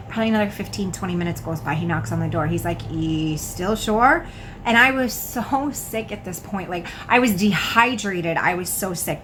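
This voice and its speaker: Woman, blunt casual storyteller, faint background noise. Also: medium pitch. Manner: candid, swears freely, heavy use of "like". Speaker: recovery coach telling her story.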